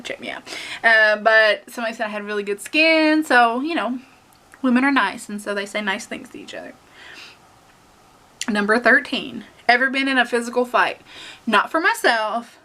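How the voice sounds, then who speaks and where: Chatty Southern woman, bright voice. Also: on the high side. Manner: chatty, rambling, laughs often, many fillers. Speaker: beauty vlogger. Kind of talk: casual to-camera chat.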